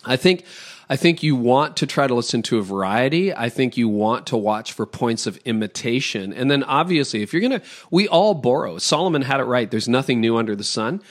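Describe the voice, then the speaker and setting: A middle-aged pastor from Toronto speaks in a podcast interview. His pitch swings widely as he stresses his points, and he lays out his advice in quick, emphatic lists. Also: animated. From Toronto, Canada.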